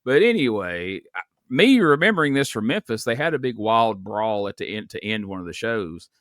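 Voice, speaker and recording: A podcast host, chatting casually and telling stories with laughs. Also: male voice, on the low side, sing-song, moderate pace, fairly bright tone, dry recording, clean studio sound. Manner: storytelling, laughs, swears casually. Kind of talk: casual chat.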